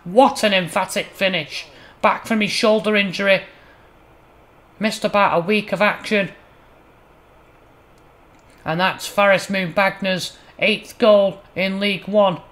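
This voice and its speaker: Excitable high-voiced gaming commentator. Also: male voice, unhurried, long pauses. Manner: excitable, bursts loud on chances and goals. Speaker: gaming channel host. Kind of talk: playful mock match commentary over gameplay.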